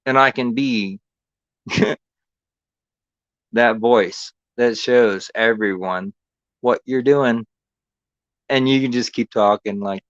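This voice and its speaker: A man in the middle of a sarcastic, confrontational rant on his own stream, circling back over the same points. His voice sits at an ordinary pitch. The sound is dry and a little dull, like lo-fi stream audio. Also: takes it slowly, pauses often, no echo. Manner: sarcastic, confrontational, repeats himself. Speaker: live streamer. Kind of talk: angry ranting monologue.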